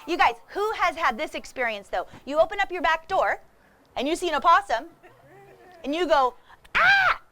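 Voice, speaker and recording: A woman giving a lively talk about wild animals to a young audience, animated and often laughing as she speaks straight to the crowd. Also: sits high, moderate pace. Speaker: wildlife educator with animal ambassadors. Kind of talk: lively presentation to kids.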